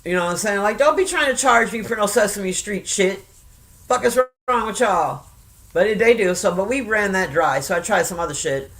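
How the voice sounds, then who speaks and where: A woman's voice: medium pitch, lively intonation, normal speed, fairly bright tone. A woman in her fifties chatting casually on a vlog, rambling and swearing freely, often breaking into laughter. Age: 50s. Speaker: reaction vlogger. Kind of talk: casual chat.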